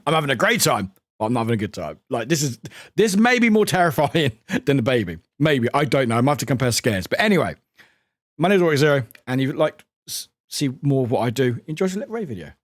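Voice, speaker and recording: A man's voice: medium pitch, very animated, quick pace, dry recording, clean studio sound. A man chatting on a live gaming stream, rambling, swearing and yelping when startled. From United Kingdom.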